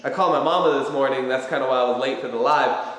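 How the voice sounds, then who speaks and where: A man's voice: medium pitch, fast talker, a bit bright. A man giving a casual livestream pep talk as a motivational vlogger, rambling with lots of fillers and free swearing. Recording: very echoey room with long reverb.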